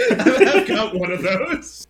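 A man's voice: high-pitched, wildly swooping pitch, drawn-out words. A man co-hosting a podcast, gushing enthusiastically, cursing casually and laughing a lot. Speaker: podcast co-host reviewing sketch comedy. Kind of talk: casual chat.

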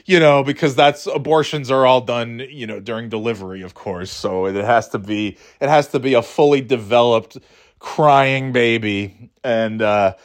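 A man's voice: mid-range voice, normal speed. A man hosting a podcast, chatting casually about movies in a rambling, profane way, acting out scenes in mocking voices. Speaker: podcast host.

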